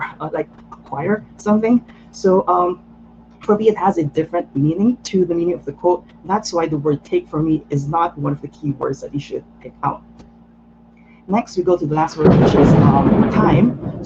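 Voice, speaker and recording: A man with a fairly high voice leads an online workshop, walking through each step patiently and leaning on "so" and "um" as he thinks. The audio is a little dull, with a faint hum behind him. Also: warm tone. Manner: patient, explanatory, frequent "so" and "um" fillers. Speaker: lettering workshop instructor. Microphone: video call.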